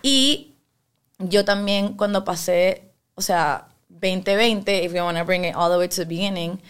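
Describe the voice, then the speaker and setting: A woman's voice: fairly low pitch, moderate pace, smooth. A young Venezuelan woman, a singer-songwriter, chatting frankly as a guest and slipping between English and Spanish. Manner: frank, switches between English and Spanish mid-sentence, swears freely. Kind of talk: casual interview chat.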